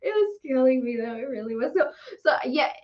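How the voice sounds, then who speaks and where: Animated swearing woman podcaster. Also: high-pitched, fairly quick. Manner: animated, swears often, laughs while ranting. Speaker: podcast co-host. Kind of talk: casual chat. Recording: dull lo-fi audio.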